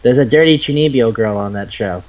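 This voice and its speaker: A man in his twenties co-hosting a casual chat podcast, excitable and quick to swear. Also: mid-range voice, highs cut off. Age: 20s. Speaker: podcast co-host. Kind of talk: casual chat about anime.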